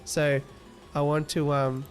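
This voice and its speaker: A man's voice: a little high, monotone, slow pace, faint music behind. An Australian man hosting a casual livestream, reading viewer comments aloud and teasing them playfully. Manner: playful, teasing, laughs often. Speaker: livestream host.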